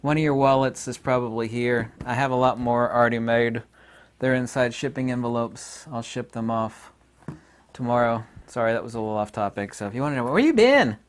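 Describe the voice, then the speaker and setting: A man's voice: medium pitch, level tone, brisk, a little hiss or hum. A man talking casually to camera in his vlog, sarcastic and rambling, often laughing at his own remarks. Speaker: YouTube vlogger.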